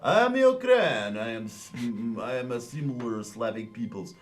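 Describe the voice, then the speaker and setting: A man's voice: medium pitch, expressive, normal speed, pitched below the performer's own voice, close to an everyday voice. A man putting on a blustery mock Slavic accent in broken English, playing one nation after another.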